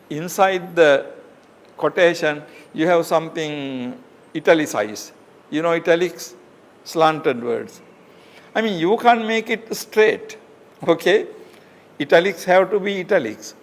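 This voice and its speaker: A man's voice: on the high side, a little slow, pauses often. A male professor giving a patient lecture, explaining points with asides and checking that students follow. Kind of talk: lecture on research writing. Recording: long hall reverb.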